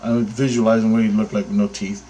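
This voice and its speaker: A man's voice: fairly low pitch, level tone, quick pace, mellow, low-quality recording. A man telling an angry, profanity-laced story about his bird photography, talking in a heated, sarcastic way. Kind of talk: angry ranting anecdote.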